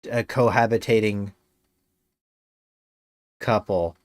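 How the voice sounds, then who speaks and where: A man streaming a game and chatting with his viewers in a low, unhurried voice. He rambles, fills gaps with ums and uhs, and drops dry jokes. The sound is close and dry. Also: steady tone, a little mellow, no echo. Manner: rambling, dry joking with many fillers. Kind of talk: casual live-stream chat.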